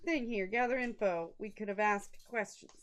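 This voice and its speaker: A woman's voice: mid-range voice, moderate pace, slight background noise. A young woman player at a tabletop game, joking and drawling casually.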